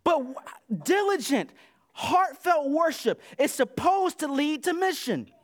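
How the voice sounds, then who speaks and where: A man preaching a sermon in a church, talking in a conversational way and acting out the voices he quotes, swinging between loud and soft. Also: extremely high pitch, animated, measured pace. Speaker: pastor. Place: church sanctuary.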